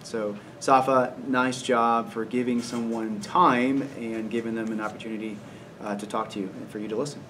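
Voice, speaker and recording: A man's voice: mid-range voice, fairly even intonation, moderate pace, fairly bright tone. A man on school staff co-presenting school announcements in a casual, joking and agreeable way. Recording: distant mic with faint noise.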